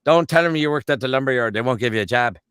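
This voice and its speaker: A man putting on a booming Newfoundland joke-teller. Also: rapid-fire, smooth, no echo, clean studio sound, natural voice. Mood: storytelling. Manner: broad, folksy storytelling with lively quoted voices.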